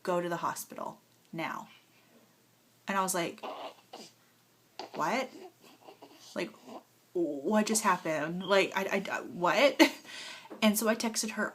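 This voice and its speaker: A woman's voice: on the low side, a bit bright, a little hiss or hum. A young woman telling her birth story as a casual home vlog, emotional and rambling with lots of fillers, holding a nursing baby as she talks. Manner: emotional, rambling with many fillers, tearful at times.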